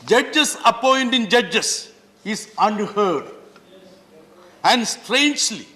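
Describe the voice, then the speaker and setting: A man's voice: sits high, bright, forceful tone. A man with an Indian English accent, a member of parliament making an emphatic speech and repeatedly addressing the chair. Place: parliament chamber. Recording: long reverb of a large hall.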